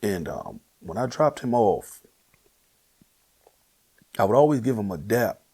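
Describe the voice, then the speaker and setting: A man with a New Orleans accent telling his personal testimony, earnest and emotional, at times sinking to a hushed near-whisper. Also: on the low side, big pitch swings, a little slow, husky. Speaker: guest sharing his testimony.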